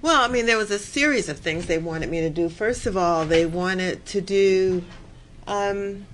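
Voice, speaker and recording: A woman guest on a radio show, calmly explaining her experience with treatment. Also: medium pitch, unhurried, slight background noise, low-quality recording. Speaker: guest patient. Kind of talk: interview answer.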